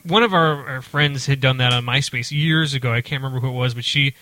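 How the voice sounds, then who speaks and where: A man's voice: medium pitch, fast, pushed and bright, rough recording. A man chatting casually as a podcast co-host, rambling with fillers and correcting the others. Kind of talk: casual chat.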